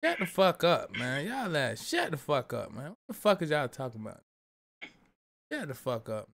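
A man's voice: a little high, huge pitch swings, moderate pace, fairly bright tone. A young man, casually reacting to videos as a streamer, rambling and cursing defensively.

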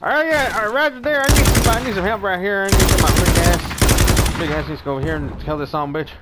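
A man's voice: high voice, fast talker, very noisy. A man playing an online shooter, joking crudely and swearing as he plays. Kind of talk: casual gameplay banter. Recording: gunfire game audio under voice.

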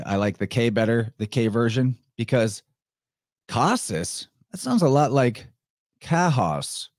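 A man talks through a solo podcast presentation in a relaxed, rambling manner, chuckling often and swearing lightly. His voice sits a little low. The sound is dry, with no room echo. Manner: casual, digressive, chuckling often, mild swearing. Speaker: podcast host.

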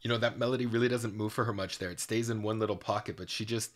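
A man's voice: fairly low pitch, steady tone, fast talker. A man, a musical theatre coach, giving enthusiastic, admiring reaction commentary with frequent fillers.

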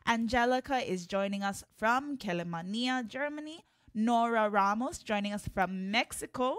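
A woman teaching an online hula class, chatting to viewers by name in a friendly way and leading chants in long drawn-out tones. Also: fairly high pitch, a bit bright, dry recording, clean studio sound.

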